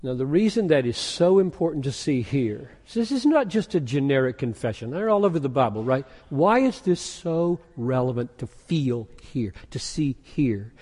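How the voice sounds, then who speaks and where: A pastor preaching a sermon, moving from quiet musing into loud, intense emphasis. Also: male voice, mid-range voice, sing-song, normal speed, hardly any pauses. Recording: echoey hall with long reverb.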